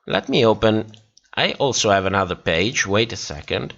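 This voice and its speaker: A man's voice: fairly low pitch, expressive, moderate pace, creaky, fairly bright tone, lo-fi sound. A tired man hosting a livestream, casually chatting and reacting to viewers' comments while laughing often. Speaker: livestream host. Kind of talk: casual chat reading live comments.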